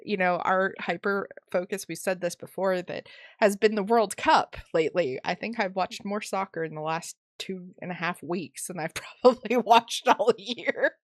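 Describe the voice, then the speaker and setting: A woman co-hosting a podcast in loose, friendly chat, playful and quick to poke fun at herself. Her pitch sits in an ordinary middle range. The sound is close and dry, with no room around it. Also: no echo. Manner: playful, self-mocking, laughs often. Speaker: podcast co-host. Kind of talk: casual chat.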